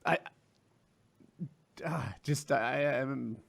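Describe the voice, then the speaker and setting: A man's voice: medium pitch, drawn-out words, creaky, a bit bright. A man hosting a podcast who halts and stumbles over his words during a casual chat. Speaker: podcast host.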